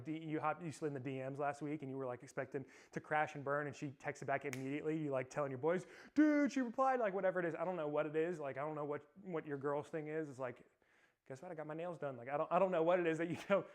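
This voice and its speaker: Young male youth pastor, upbeat and chatty, preaching through a personal story, voice sits a bit high. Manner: casual, energetic storytelling with lots of "like". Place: youth service room, streamed live.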